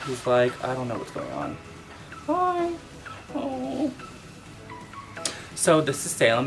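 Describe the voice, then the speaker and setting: A man vlogger telling a casual storytime about his pet, animated and full of exclamations. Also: mid-range voice. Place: at home with his cat.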